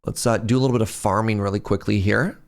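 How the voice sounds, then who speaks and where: A man's voice: fairly low pitch, steady tone, quick pace, vocal fry. A man streaming a game, chatting casually, telling stories and laughing often between moves. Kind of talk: casual gameplay chat.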